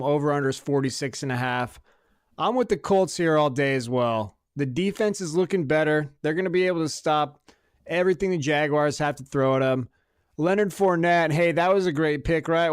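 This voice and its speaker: Smooth-voiced man in casual sports banter. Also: on the high side, no room sound, clean studio sound. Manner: profane, joking, storytelling. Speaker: podcast co-host.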